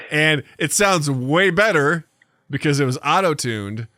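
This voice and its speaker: A middle-aged man on a podcast, telling animated stories and acting out quotes in casual chat. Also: fairly high pitch, takes it slowly, no echo, studio quality. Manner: animated storytelling, acts out quotes. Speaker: podcast guest, filmmaker.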